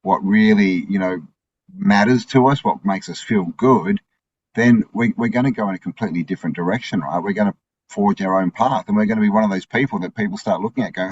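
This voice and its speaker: Husky man on a dull lo-fi recording. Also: on the low side, fairly quick. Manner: musing, many fillers. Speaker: co-host. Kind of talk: casual spiritual chat. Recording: dull lo-fi sound.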